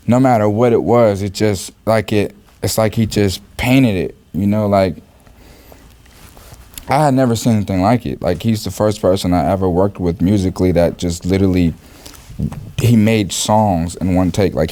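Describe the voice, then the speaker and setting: A man reflecting in an interview, with a soft-spoken manner and many fillers. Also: fairly low pitch. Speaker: interview guest.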